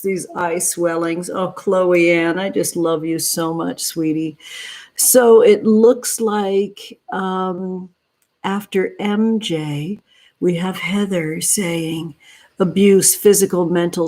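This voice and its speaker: A woman's voice: fairly low pitch, a little mellow. A woman hosting a livestream outdoors in a backyard, speaking tenderly and dotingly to her viewers, calling them honey and sweetheart. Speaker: tarot reader and livestream host. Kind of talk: affectionate livestream chat.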